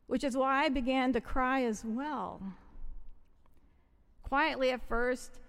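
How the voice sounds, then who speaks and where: Slow, theatrical woman preacher in a reverberant hall. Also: on the high side, creaky. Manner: emotive, theatrical storytelling. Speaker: pastor. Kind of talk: dramatic first-person story sermon. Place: church sanctuary. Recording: long reverb of a large hall.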